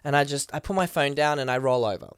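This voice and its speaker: A man on a podcast as a guest, telling a story casually, excitedly and quickly, with lots of "like" and acted-out quotes. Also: medium pitch, smooth, dry recording, studio quality. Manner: excited, rapid retelling full of "like" and acted quotes. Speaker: podcast guest, professional dancer.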